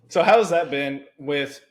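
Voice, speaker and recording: A young man hosting a podcast, telling stories in an animated, chatty way with many asides. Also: fairly high pitch. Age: young adult. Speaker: podcast host. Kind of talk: conversational interview.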